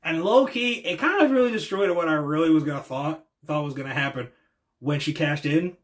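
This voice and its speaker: A man hosting a wrestling reaction show, talking in an excitable, slangy way that swings between hushed and loud. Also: on the high side, fairly quick. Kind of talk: casual reaction commentary.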